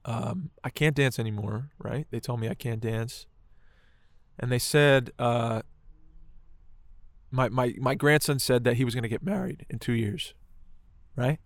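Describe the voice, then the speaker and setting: A man's voice: medium pitch, unhurried, pauses often, dry recording. A man telling a moving personal story in casual conversation, swearing often and filling his talk with "like" and "right". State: choked up.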